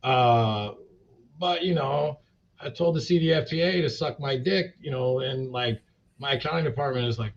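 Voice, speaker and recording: A cannabis CEO talks casually as an interview guest, animated and at a moderate pace, in a mid-range voice. He's blunt and profane, wandering through his points with plenty of fillers. The podcast recording is dull and lo-fi.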